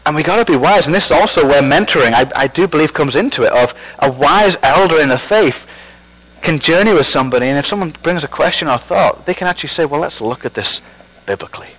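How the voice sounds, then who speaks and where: A man's voice: a little high, lively intonation, fast, a bit bright, low-quality recording. Conversational male pastor preaching. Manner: conversational, self-deprecating, with false starts. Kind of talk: sermon.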